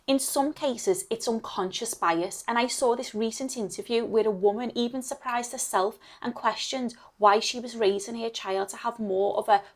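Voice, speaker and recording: A woman with a Liverpool accent narrates a documentary, earnest and campaigning. Her voice sits a little high. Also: normal speed, hardly any pauses. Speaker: presenter.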